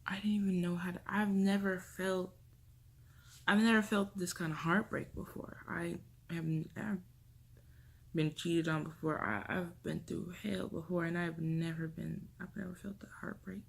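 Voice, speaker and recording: A young woman vlogger telling a personal story to camera, emotional and halting, often trailing off softly. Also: lowish voice, little pitch movement, creaky, slightly rough. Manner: emotional, halting, with restarts and soft drops.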